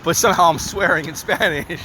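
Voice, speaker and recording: A man's voice: fairly high pitch, fairly quick, background noise. A middle-aged man from Maine hosting a podcast in casual chat, laughing often at his own jokes. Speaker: podcast host.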